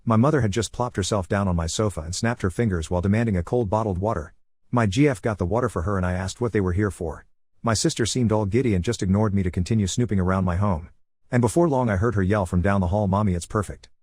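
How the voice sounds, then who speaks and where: Male narrator for a scripted story, low voice, very quick pace, dry close recording. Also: darkish tone, slightly rough, dry recording.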